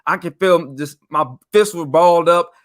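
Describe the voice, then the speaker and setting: A young man casually telling a story on a podcast, animated and slangy, rising in pitch and volume when he stresses a point. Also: moderate pace.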